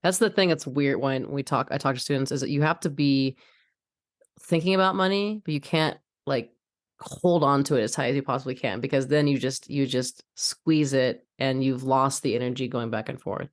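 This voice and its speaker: A woman's voice: a bass voice, moderate pace. A woman hosting a podcast interview, speaking casually and thoughtfully, often repeating words as she works out her point. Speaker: podcast host, chiropractor.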